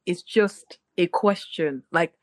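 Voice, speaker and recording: A woman's voice: on the low side, takes it slowly, no room sound. A woman from Nigeria, telling stories animatedly in a casual podcast conversation, with many restarts and fillers. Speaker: podcast co-host.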